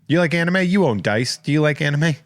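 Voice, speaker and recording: Jokey American podcast host. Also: male voice, a little high, expressive, quick pace, dry recording. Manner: jokey, rambling, self-mocking. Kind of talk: casual comedic chat.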